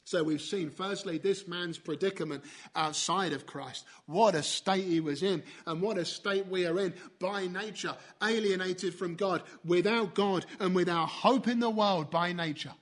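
Preacher guy, high voice, earnest, keeps asking the congregation questions, goes loud then quiet. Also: a little slow. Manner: earnest, asks the hearers questions, swings between loud and soft. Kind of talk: sermon.

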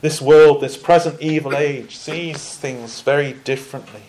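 A man preaching a sermon in a measured way, pausing often and restarting phrases. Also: a little high, steady tone, a little mellow, a little hiss or hum, poor audio. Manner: measured, with frequent pauses and restarts.

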